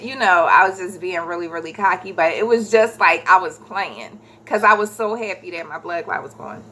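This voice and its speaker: Bright-voiced woman telling a story. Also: fairly low pitch, normal speed, hardly any pauses, slight background noise. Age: 30s. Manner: animated, acts out quoted voices, corrects herself mid-story. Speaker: vlogger telling a personal story. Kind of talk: casual storytelling.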